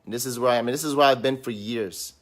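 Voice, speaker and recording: A man's voice: medium pitch, fast. A man talking candidly in a personal vlog, sitting on a couch at home, in a raw, rambling, emotional way. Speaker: vlog host.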